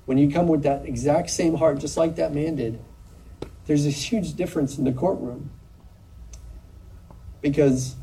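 A man preaching a sermon in an earnest, measured way, with pauses. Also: a little high, warm tone, breathy edge, far from the mic, poor audio. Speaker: pastor.

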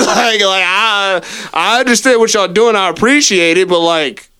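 A man's voice: sits high, a little slow, few pauses, a crowd in the background. A man co-hosting a podcast, telling a bar story in a casual, profane way with laughter. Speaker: podcast co-host.

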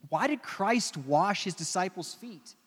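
A man preaching a sermon, telling the story dramatically, dropping into soft, slow passages and adding joking asides. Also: high-pitched, animated, husky. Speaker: pastor. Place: church. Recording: long church reverb.

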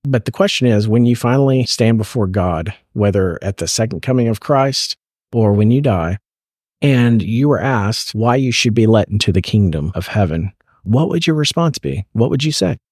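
A man's voice: lowish voice, lively intonation, normal speed, darkish tone, slightly rough, dry recording, clean studio sound. A man hosting a faith podcast, asking earnest questions and quoting scripture in casual conversation. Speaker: podcast host, parent.

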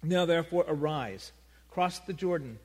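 A man preaching a sermon, talking plainly and conversationally, rising to loud emphasis and dropping to near-hushed quiet. His voice sits a little high for a man. A long reverb from a large hall trails every phrase. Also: lively intonation, normal speed, breathy edge. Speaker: pastor.

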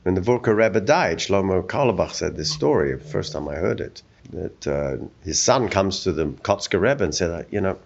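A man teaching a Torah text in a study discussion, telling stories with animated acted-out voices. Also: low-pitched, moderate pace, creaky, husky. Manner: animated storytelling, acts out quoted voices. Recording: dull lo-fi recording.

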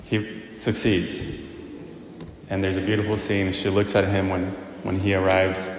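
In an echoey church hall, a man preaches a sermon in a low, monotone, unhurried voice over slight background noise. He tells a story earnestly and poses rhetorical questions to the congregation.

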